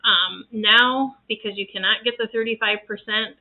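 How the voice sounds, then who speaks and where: A woman's voice: fairly high pitch, steady tone, normal speed. Brief: woman, reiki practitioner, casual to-camera chat, earnest and rambling, full of restarts, thin phone-like sound. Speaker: reiki practitioner sharing home remedies.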